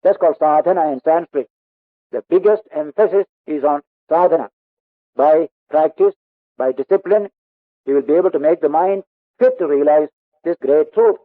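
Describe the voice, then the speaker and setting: Indian-accented male monk teacher, earnest and emphatic, fairly high voice, tinny, dry archival recording. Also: moderate pace, no echo. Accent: Indian English. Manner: earnest, emphatic, repeats key words, recites Sanskrit verses. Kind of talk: spiritual discourse on scripture.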